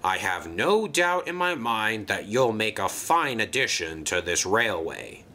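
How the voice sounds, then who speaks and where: A man voicing a wise old male engine who speaks slowly and reassuringly. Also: lowish voice, big pitch swings, pushed and bright, full character voice. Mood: proud. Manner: slow, reassuring.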